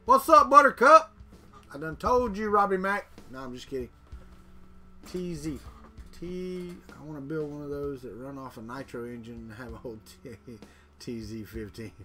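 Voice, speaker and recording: A man hosts a casual livestream, joking with viewers and reading their comments aloud. His mid-range voice is fairly bright and moderately paced, with soft music playing in the background.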